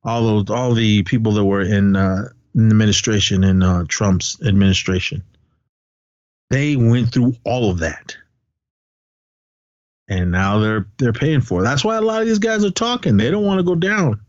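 A middle-aged man from California, chatting on a podcast, telling stories in a profane, animated rant. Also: fairly low pitch, moderate pace, dry recording. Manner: profane, ranting, animated storytelling. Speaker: podcast co-host. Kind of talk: casual podcast chat. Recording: dull, dry podcast recording.

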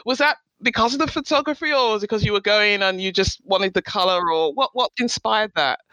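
A man with a high, bright voice hosts an interview. He is recorded close and dry. He responds to his guest with enthusiasm and frequent compliments. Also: fairly quick, no room sound, dull audio. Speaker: podcast host. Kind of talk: interview conversation.

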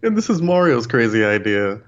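A man in casual chat as a podcast co-host, laughing and joking, slipping into quick impressions. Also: mid-range voice, dull audio. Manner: laughing, animated, jokey impressions.

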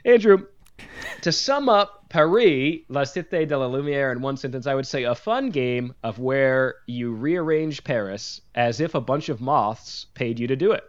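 A man's voice: mid-range voice, lively intonation, moderate pace, no echo, dull audio. A man co-hosting a podcast in casual chat, joking and sarcastic, with lots of fillers and restarts. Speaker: podcast co-host.

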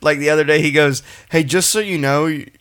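A man's voice: a little high, steady tone, a little fast, a bit bright, clear, resonant tone. A man hosting a casual podcast, joking and reacting to a guest's story. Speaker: podcast host. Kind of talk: casual chat.

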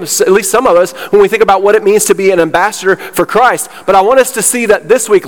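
Worked up pastor guy, kinda out of breath, keeps repeating himself, church reverb. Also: high voice. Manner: fired up, repeats himself, emphatic. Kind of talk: sermon. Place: church sanctuary. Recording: long hall reverb.

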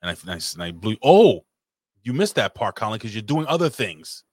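A man's voice: on the low side, big pitch swings, brisk, a little mellow, dry recording. A man hosting a casual chat over a remote call, blunt, profane and teasing. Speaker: podcast host.

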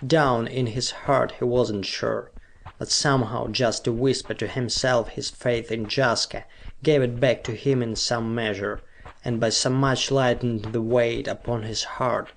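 A man narrating an old pulp science-fiction story in a measured, steady reading. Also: mid-range voice, vocal fry. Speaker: audiobook narrator.

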